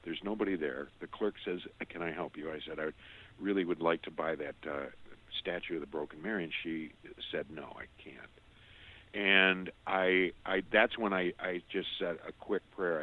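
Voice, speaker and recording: Older man, interview guest, earnest and halting, low voice, tinny phone-like sound. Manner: earnest, halting, with repeated restarts. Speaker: interview guest, former radio host. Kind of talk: personal storytelling in an interview.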